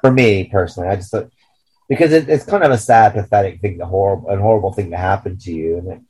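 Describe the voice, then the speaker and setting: A man with a fairly low voice talks in a loose, casual podcast discussion. He circles around his points, restarting sentences and leaning on "you know" as he thinks aloud. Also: fast talker, a little mellow, slightly rough, low-quality recording. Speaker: podcast co-host.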